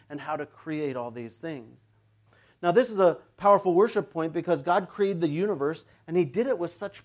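High-voiced, animated man preaching a sermon. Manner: animated, jokey, bursts into playful shouts. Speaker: pastor.

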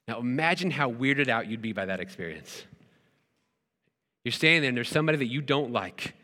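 A man's voice: mid-range voice, lively intonation, fairly quick, pushed and bright, in a large hall. A man preaching a sermon in an earnest, conversational way, often repeating words and asking rhetorical questions. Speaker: pastor.

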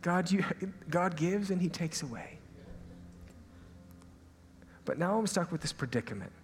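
A young man preaching a sermon as a pastor, telling a personal story in a lively, animated way and sometimes dropping to a hushed aside. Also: high-pitched, a little slow, soft background music. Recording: hall reverb, faint ambience.

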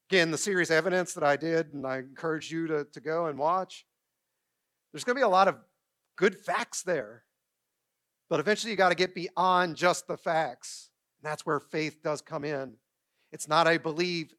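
Middle-aged male pastor, somewhat high voice, animated storytelling sermon delivered from the stage. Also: normal speed. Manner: storytelling, animated, acts out quotes and asks the congregation questions. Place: church stage.

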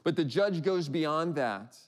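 Man, pastor, sermon, conversational, restarts, slow emphatic readings, questions to the room. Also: fairly high pitch, expressive. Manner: rhetorical questions to the congregation.

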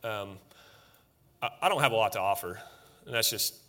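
A man in his thirties preaching a relaxed, conversational sermon to his congregation, self-deprecating and full of fillers and restarts. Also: fairly low pitch, normal speed. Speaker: pastor. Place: church sanctuary, seated before the congregation.

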